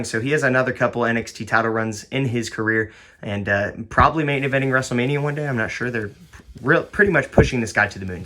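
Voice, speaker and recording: A man's voice: mid-range voice, sharp tone. Young man rambling through a figure review. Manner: rambling with many fillers and restarts. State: stuttering, foggy after a fight. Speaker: toy collector reviewing action figures. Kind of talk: casual unboxing review.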